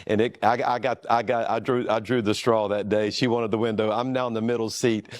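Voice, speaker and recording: A man who is a pastor, telling a story in a relaxed, self-deprecating way with frequent restarts. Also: fairly low pitch, a little fast, dry recording, clean studio sound. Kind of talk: storytelling in a conversation.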